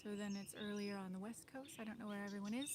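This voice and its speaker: A woman's voice: mid-range voice, very fast, very noisy. A woman chatting on her livestream, hesitant and rambling, with lots of fillers and small laughs. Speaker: livestream host. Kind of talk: casual livestream chat. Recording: birdsong in the background. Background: birdsong.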